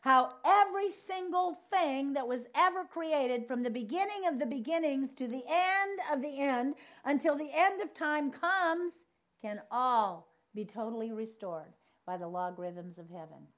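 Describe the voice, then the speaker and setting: A woman preaching a charismatic sermon, telling lively stories and repeating phrases for emphasis. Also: sits high, measured pace. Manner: animated storytelling, acts out other people's reactions.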